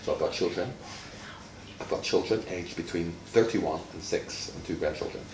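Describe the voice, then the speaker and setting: A deep, creaky voice at a moderate pace belongs to a Jamaican man in his fifties who used to play football. He's having a friendly teaching chat with a child, playfully quizzing her and stretching out words for emphasis. The sound is roomy and distant, with faint noise.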